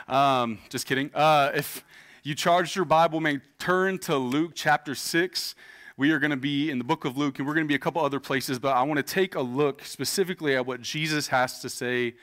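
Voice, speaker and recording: Bright-voiced joking pastor, a man. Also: medium pitch. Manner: casual, joking, talks straight to the congregation. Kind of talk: sermon with personal storytelling. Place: church stage before a congregation.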